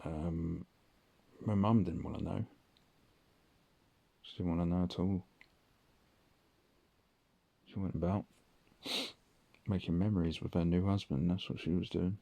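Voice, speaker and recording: Guy rambling late at night, low voice, slow, lots of ums and swearing. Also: fairly even intonation, gravelly, dark tone, dry recording. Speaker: vlogger.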